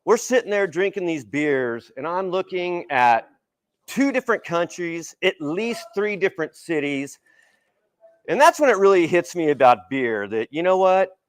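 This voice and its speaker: Man, keynote speaker, lively casual storytelling, slightly high voice, dry close sound. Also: normal speed, no room sound. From El Paso, Texas. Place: event hall with a live audience. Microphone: handheld mic, partly without it.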